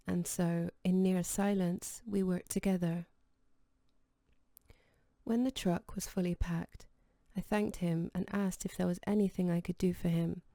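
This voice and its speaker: A woman narrates an audiobook in a calm, measured voice that sits low and mellow, with a gravelly texture. The sound is close and dry, with no room around it. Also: dry recording. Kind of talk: scripted narration.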